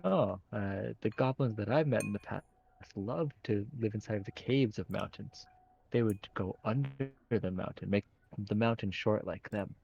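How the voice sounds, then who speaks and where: Gravelly-voiced man roleplaying politely. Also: on the low side, moderate pace, a little mellow, highs cut off, a little hiss or hum. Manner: polite, hesitant with fillers. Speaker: tabletop game player. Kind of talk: in-character roleplay chat.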